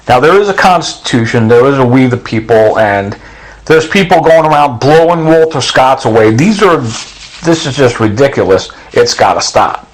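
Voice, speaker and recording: A man's voice: medium pitch, animated, normal speed, low-quality recording. A middle-aged man in an agitated, rambling monologue, acting out other people's words as he goes. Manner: intense, rambling, acts out other people's quotes. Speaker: vlogger.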